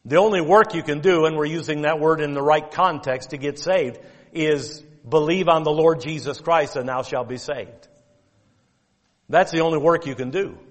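Emphatic pastor preaching in a reverberant hall. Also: male voice, a little high. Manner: emphatic preaching, quoting King James scripture; drawn-out stress on key words. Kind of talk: sermon. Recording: long reverb of a church hall.

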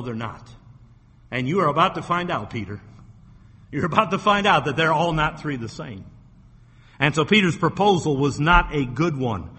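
Forceful husky preacher in a reverberant church. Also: male voice, fairly high pitch. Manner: emphatic, repeats phrases for effect, asks rhetorical questions. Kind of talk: sermon. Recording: long hall reverb.

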